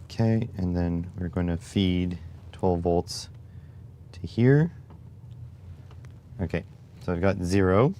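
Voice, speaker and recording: A man with a low, dark-toned voice hosts a casual livestream, talking slowly with long pauses as he tinkers and reasons through each step aloud. He makes wry asides to viewers while recovering from a back injury, and there's slight background noise.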